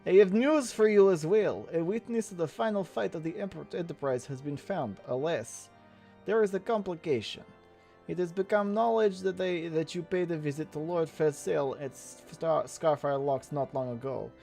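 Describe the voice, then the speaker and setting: A formal, grave quest giver from a game, speaking in an exaggerated mock Russian accent, as a man puts it on. The voice sits a little high and reads slowly and stiffly, tripping over some words. Faint game music plays underneath. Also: creaky, mellow. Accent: put-on Russian.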